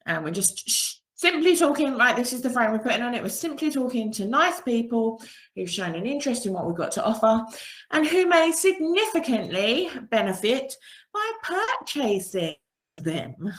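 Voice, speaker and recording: A woman's voice: fairly high pitch, sing-song, normal speed. Upbeat woman coaching in an echoey room. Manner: upbeat and encouraging, laughs often. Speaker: business coach. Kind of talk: online training session. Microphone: video call with screen sharing.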